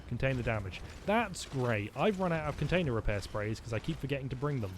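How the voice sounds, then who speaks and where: A man's voice: medium pitch, expressive, fast, slight background noise. A man streaming a video game, rambling and joking with his chat as he plays. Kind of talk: let's-play commentary.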